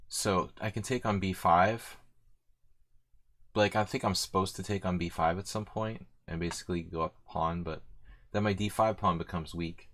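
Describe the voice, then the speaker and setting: A man's voice: low-pitched, fairly bright tone. A man streaming blitz chess, talking casually and thinking aloud, unsure of himself and self-mocking, with many fillers. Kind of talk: casual live commentary while playing.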